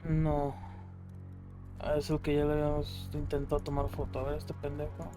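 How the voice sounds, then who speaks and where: A man's voice: on the high side, completely flat delivery, brisk, over music. A man with a Mexican Spanish accent giving crude, joking commentary while he plays a video game. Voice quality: crude, joking, talks to himself. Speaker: gameplay streamer. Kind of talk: casual gameplay commentary.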